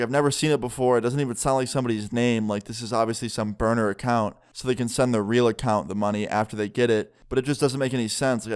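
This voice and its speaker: Smooth-voiced young man telling a story. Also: mid-range voice. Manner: casual, filler-heavy retelling with "like". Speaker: vlogger. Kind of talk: storytime vlog.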